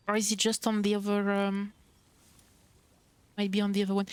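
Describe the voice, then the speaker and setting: A woman's voice: mid-range voice, monotone, moderate pace, long pauses, clean tone, dry recording. A young woman streamer chatting casually while playing, bubbly and cooing over cute creatures. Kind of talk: casual gameplay commentary.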